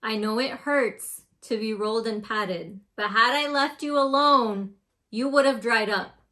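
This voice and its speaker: A woman playing a calm, patient male potter in a storybook tale, speaking firmly and gently. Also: on the high side, a little slow. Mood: gentle.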